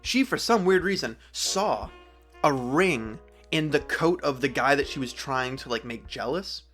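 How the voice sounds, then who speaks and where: A man's voice: mid-range voice, expressive, unhurried, a bit bright, faint music behind. A young man hosting a podcast, chatting loosely about movies, rambling and acting out quotes in silly voices. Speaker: podcast host. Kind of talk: casual solo podcast talk about movies.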